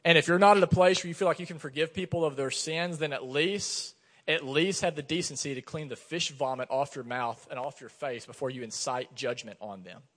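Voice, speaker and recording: A man's voice: fairly high pitch, brisk, fairly bright tone, in a large hall. A man, a pastor in his thirties, preaching a sermon in a conversational way, telling stories from his own life. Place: church sanctuary.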